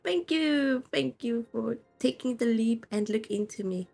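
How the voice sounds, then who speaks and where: A Swiss woman with a Swiss German accent streams a game as a vtuber, chatting casually and giggling often. Her voice is fairly high, unhurried, gravelly, and a little mellow, with soft music in the background.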